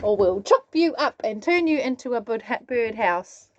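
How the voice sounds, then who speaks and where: A bold woodcutter bellows his commands, as a woman reading aloud puts him on. His voice sits high and swoops around. The sound is slightly dull. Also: lively intonation, moderate pace, a little mellow, lightly acted. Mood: commanding. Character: grown male woodcutter, bold rescuer.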